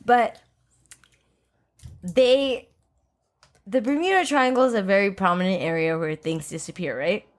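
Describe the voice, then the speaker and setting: A woman's voice: medium pitch, measured pace, pauses often. A young woman hosting her own podcast in casual chat, playful and teasing with a sarcastic edge. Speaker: podcast host.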